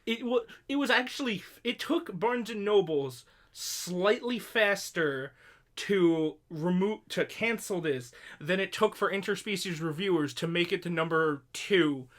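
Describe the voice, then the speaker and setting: A man's voice: high-pitched, lively intonation, a little slow, fairly bright tone. A young man co-hosting a casual podcast, rambling and sarcastic with frequent swearing. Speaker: podcast co-host. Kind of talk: casual chat.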